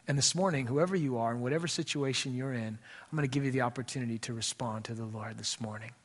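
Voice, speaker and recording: A man preaching a sermon as pastor of a church, swinging between loud emphatic lines and soft low passages, then leading a prayer. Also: fast talker.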